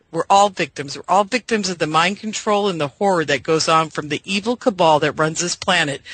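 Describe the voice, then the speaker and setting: Woman radio host, emotional and pleading, bright tone, dry close sound. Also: fairly low pitch, no echo, poor audio. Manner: emotional, pleading, addresses folks directly. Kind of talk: impassioned monologue to listeners.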